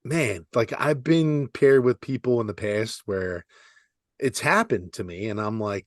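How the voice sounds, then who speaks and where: A man's voice: on the low side, a little slow, no echo, clean studio sound. Laid-back swearing podcast guy. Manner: laid-back, swears freely, says 'like' and 'dude' a lot. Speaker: podcast co-host. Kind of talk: casual chat.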